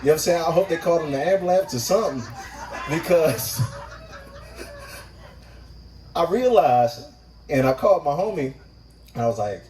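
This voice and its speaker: A man's voice: a little high, normal speed, long pauses, far from the mic, a little hiss or hum, poor audio. A man doing stand-up at an open mic, telling a profane story and acting out the people in it. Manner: profane, animated, acts out voices in his story. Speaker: stand-up comic. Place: live open mic venue.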